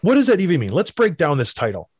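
A Canadian man co-hosting a casual sports chat, animated and teasing, often mock-outraged. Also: fairly high pitch, fast talker, husky, no echo, clean studio sound. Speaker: podcast co-host.

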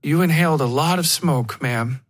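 A man's voice: a little high, normal speed, close to an everyday voice. A man voicing a professional young female paramedic who speaks in a clipped, direct way in an audio horror story. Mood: concerned.

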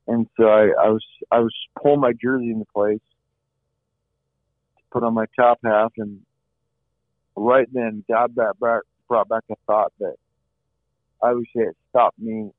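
A man's voice: on the low side, level tone, a little slow, long pauses, no room sound. Earnest man on a tinny phone line. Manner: earnest, repeats phrases, often says "you know". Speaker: guest. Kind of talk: earnest personal storytelling.

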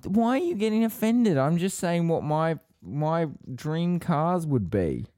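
A man's voice: on the high side, sing-song, measured pace, dark tone, no echo, clean studio sound. A man co-hosting a casual podcast, teasing and playful in banter. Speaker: podcast co-host.

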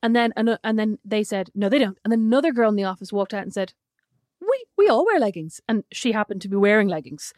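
A woman co-hosting a podcast in casual chat, telling animated stories and swearing freely. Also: medium pitch, fast, few pauses, no echo, studio quality. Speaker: podcast co-host.

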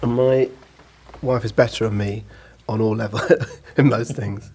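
A man's voice: lowish voice, fairly even intonation, measured pace, darkish tone, slight background noise. A man on a podcast, telling rambling stories in casual chat and often laughing. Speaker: podcast co-host.

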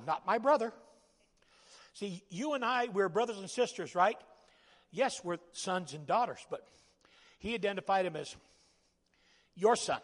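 A man's voice: sits high, normal speed, creaky. Folksy man preaching in a reverberant hall. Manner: folksy, joking asides, rising to loud emphatic calls. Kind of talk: sermon.

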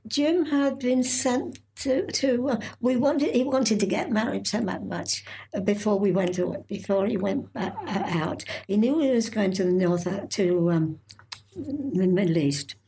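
An older woman recalls her past in an interview, speaking haltingly with frequent restarts and pauses. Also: mid-range voice, warm tone, a little hiss or hum. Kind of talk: oral history recollection.

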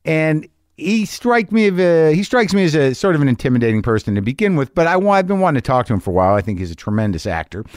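A man's voice: fairly high pitch, very animated, quick pace, no echo. A man hosting a podcast from a garage studio, telling a rambling, self-deprecating story with plenty of swearing. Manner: profane, self-deprecating, restless. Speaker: podcast host. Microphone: studio mic with headphones. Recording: dry, close studio sound.

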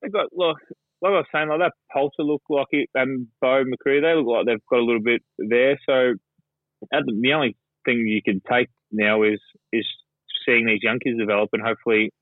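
A man's voice: mid-range voice, fairly even intonation, fairly quick, no echo. Rambling Australian man on a phone line. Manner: rambling, sweary, heavy on fillers. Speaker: guest pundit. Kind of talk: casual sports chat. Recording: dry phone-line call.

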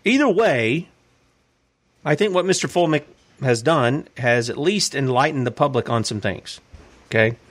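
A man's voice: medium pitch, expressive, measured pace. A man hosting a casual commentary show, reading news articles aloud and asking rambling questions about them. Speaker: host.

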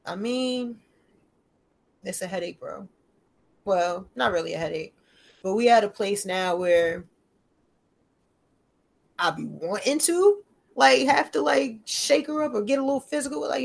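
Woman, casual chat, slangy, profane, animated storyteller, acts out dialogue. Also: medium pitch, moderate pace, gravelly, pauses often. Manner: animated storytelling, acting out dialogue in shifting voices. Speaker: mother telling stories about her kids.

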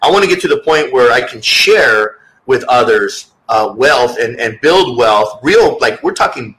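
A man's voice: medium pitch, animated, unhurried, fairly bright tone, poor audio. A man talking as a guest author in a casual interview, earnest and rambling, with many restarts.

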